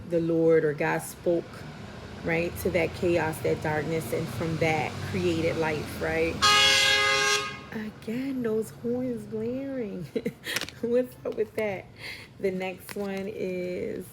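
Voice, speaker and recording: Over a noisy background, this tarot reader speaks in a fairly low, gravelly voice. She is Puerto Rican, from around New York and Philadelphia, and grew up as a Spanish heritage speaker. Her reading is casual and spiritual, full of fillers and repeated "right?" as she reasons aloud.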